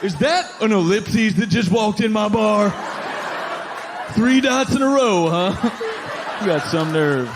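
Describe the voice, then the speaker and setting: A man voicing an angry, impatient bigoted man who shouts his lines, in front of a live audience. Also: very high voice, huge pitch swings, unhurried, noisy background, pitched above the performer's own voice, exaggerated voice. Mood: outraged. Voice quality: gruff, shouting. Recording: live comedy club with audience laughter.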